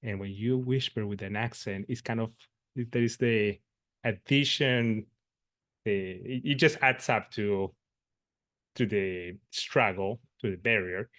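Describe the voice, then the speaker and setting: A man presenting at a workshop, an interpreter who tells a work story in an earnest, meandering way, pausing to find his words. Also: mid-range voice, a bit bright, no room sound, studio quality. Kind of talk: conversational workshop talk, telling a work story.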